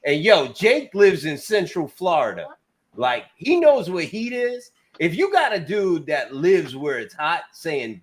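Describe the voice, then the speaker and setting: A man's voice: a little high, very animated, unhurried. A man hosting a casual trucking talk show over a video call, blunt and teasing, with plenty of swearing and "uh" fillers. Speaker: podcast host. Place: Queens, New York.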